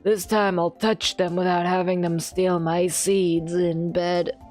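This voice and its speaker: A woman voicing a gravelly old man in game dialogue on a stream, grumbling dry asides. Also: fairly low pitch, level tone, takes it slowly, darkish tone, faint music behind, pitched below the performer's own voice. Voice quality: graspy, gravelly put-on voice.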